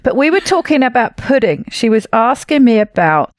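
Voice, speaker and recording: A woman's voice: on the high side, big pitch swings, normal speed, no room sound. Woman, Southeast English accent, podcast host, chatty, dry close sound. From Southeast England. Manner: chatty, laughs often. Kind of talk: casual interview chat.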